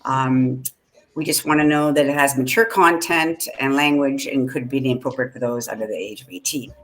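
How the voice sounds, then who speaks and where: A woman co-hosting a casual fan podcast, chatty and quick to laugh, with many fillers. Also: very deep voice, a bit bright. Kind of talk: casual chat.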